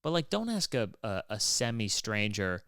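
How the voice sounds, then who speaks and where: A man's voice: on the low side, sing-song, moderate pace, fairly bright tone, clear, resonant tone, no echo, clean studio sound. A man hosting a podcast, rambling in a loose, wry and profane way, with lots of fillers and restarts. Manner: wry and exasperated. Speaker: podcast host. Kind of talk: casual rambling monologue.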